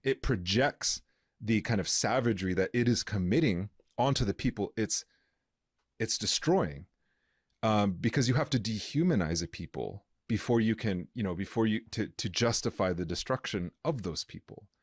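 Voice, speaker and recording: A man's voice: on the low side, expressive, normal speed, no echo, clean studio sound. A man co-hosting a podcast, talking earnestly with many fillers and restarts. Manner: earnest, impassioned. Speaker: podcast co-host. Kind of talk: casual conversational interview.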